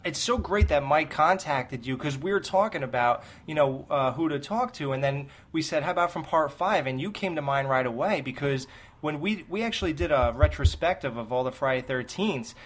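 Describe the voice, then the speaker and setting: A man's voice: on the high side, fairly quick. Enthusiastic laughing male podcast host. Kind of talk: casual interview.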